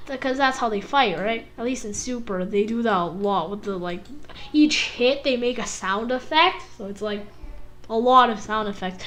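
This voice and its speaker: A woman reviewing an anime episode in a casual, rambling way. She gets excitable, says "like" a lot and mimics the fight sounds. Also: high voice.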